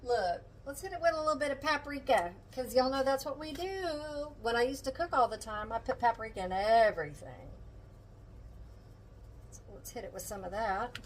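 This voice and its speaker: An older woman talks to her viewers from her home kitchen while cooking. Her voice sits a little high, and she chats easily, tender and quick to get emotional. A faint household hum lingers behind her. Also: lively intonation. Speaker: vlogger. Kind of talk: casual vlog chat while cooking.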